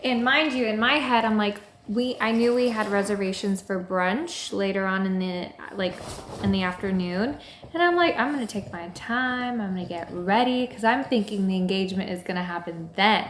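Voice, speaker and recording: A young woman telling a story casually, with lively acted-out quotes. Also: mid-range voice, normal speed, a little hiss or hum. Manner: animated, acts out quoted lines. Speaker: vlogger telling engagement story. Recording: echoey room.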